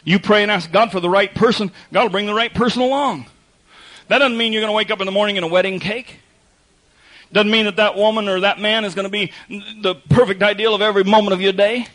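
A man's voice: high voice, steady tone, quick pace, a bit bright, low-quality recording. A man preaching a sermon in a conversational way, repeating phrases for emphasis and slipping in wry asides. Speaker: pastor.

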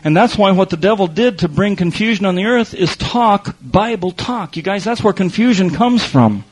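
A man with a high voice delivers a sermon from the pulpit. He swings between loud emphasis and hushed, low asides. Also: animated, normal speed, husky, rough recording. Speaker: preacher.

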